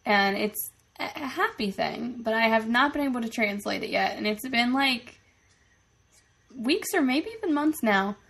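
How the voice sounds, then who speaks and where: A woman's voice: a little high, lively intonation, moderate pace, vocal fry, a bit bright. A young woman chatting casually on a podcast, laughing often as she talks. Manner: giggly, laughs often while talking. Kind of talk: casual chat.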